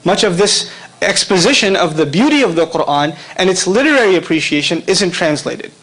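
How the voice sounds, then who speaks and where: A middle-aged man giving a lively lecture to a live audience, often asking the crowd questions and laughing as he talks. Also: high-pitched, fairly quick, rough recording. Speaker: Islamic lecturer.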